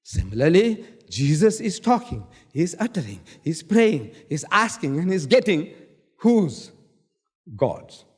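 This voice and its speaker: A man in a public debate, quoting scripture and repeating key words for emphasis. His voice sits fairly high, and a long hall reverb trails after every phrase. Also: very animated, takes it slowly, husky. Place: lecture hall.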